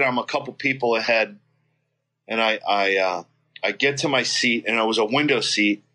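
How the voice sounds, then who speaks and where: A middle-aged man, a guest singer, telling a profane, animated story in casual chat with many restarts. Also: medium pitch.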